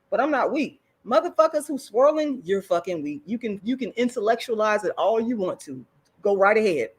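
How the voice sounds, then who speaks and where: A fired-up middle-aged woman talking straight into a phone or webcam on a live stream. Her voice sits a little high and swings widely as she rants, blunt, profane and repeating herself when she gets heated. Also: husky. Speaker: online commentator. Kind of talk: livestream rant.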